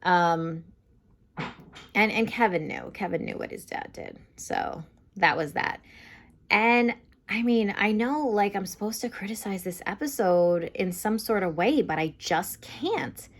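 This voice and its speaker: A woman's voice: medium pitch, lively intonation, a little slow. A young woman giving a casual, chatty TV episode recap and review, full of fillers like "um" and "like". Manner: chatty, lots of fillers like "like" and "um", acts out quotes.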